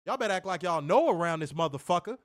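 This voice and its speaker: A man's voice: sits high, expressive, fast. A man co-hosting a wrestling review stream, ranting angrily and profanely with emphatic, insistent delivery. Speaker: wrestling show co-host. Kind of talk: heated profane rant on a stream.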